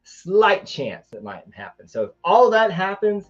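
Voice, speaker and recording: A man co-hosting a live trivia show, chatting casually and excitably, jumping from one thought to the next. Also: high-pitched, measured pace, dull audio, faint music behind. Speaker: co-host of a Disney trivia show. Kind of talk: casual livestream chat.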